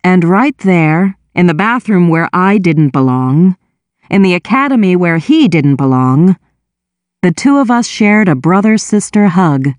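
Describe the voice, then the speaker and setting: A woman reading a first-person novel aloud with wry, expressive storytelling. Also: fairly low pitch, a little slow, dry recording. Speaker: audiobook narrator.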